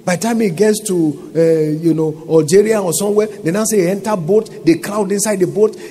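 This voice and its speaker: High-voiced Nigerian preacher. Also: male voice, a little fast. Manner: call-and-response preaching, rising to shouts. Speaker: pastor. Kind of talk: sermon.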